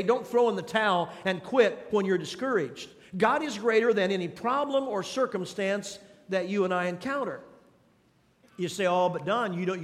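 A male pastor with a high voice preaches an emphatic sermon, pressing his listeners with questions and repeated phrases. His voice carries a long reverb from the large hall around him. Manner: emphatic, exhorting the congregation with questions and repetition.

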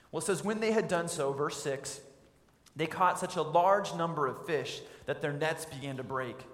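A man's voice: on the high side, brisk, a bit bright. A man preaching a sermon as pastor, telling a scene vividly for his listeners. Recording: echoey hall with long reverb.

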